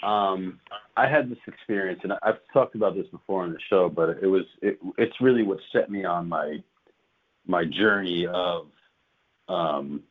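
A man hosting a casual chat, telling stories in an animated way with lots of laughing and swearing. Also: sits low, normal speed. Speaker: podcast host. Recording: tinny phone-like, dry sound.

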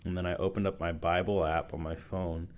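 A man's voice: deep voice, level tone, fairly quick. A man who is a youth pastor, telling stories in a casual podcast interview, full of "like" and "you know" restarts. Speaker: youth and young adults pastor. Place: podcast recording session.

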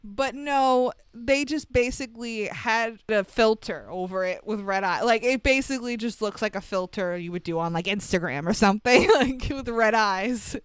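A woman's voice: a little high, moderate pace, few pauses, clean tone, dry recording. A woman casually recapping a movie plot in a wry, chatty way, laughing often. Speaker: podcast co-host.

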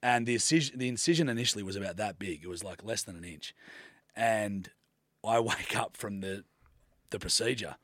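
A man's voice: lowish voice, a little fast, a bit bright, no room sound, clean studio sound. A man in laid-back, sweary podcast banter. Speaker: podcast co-host. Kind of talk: casual chat.

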